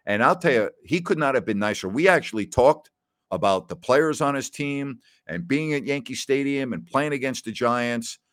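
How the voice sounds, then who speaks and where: A man's voice: medium pitch, animated, normal speed, a bit bright, no echo, studio quality. A middle-aged man from New York hosting a radio talk show, telling rambling, nostalgic stories with plenty of fillers. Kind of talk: casual call-in show chat.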